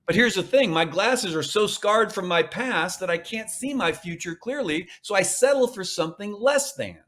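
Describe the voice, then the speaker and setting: A man's voice: high voice, expressive, moderate pace, a bit bright. A man speaking as a podcast guest, coaching with emphatic, repeated phrases. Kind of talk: podcast interview.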